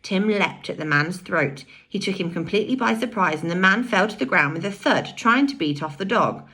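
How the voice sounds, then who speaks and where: A woman reading a children's novel aloud with expressive storytelling. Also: fairly low pitch, a little fast, breathy edge. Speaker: audiobook reader.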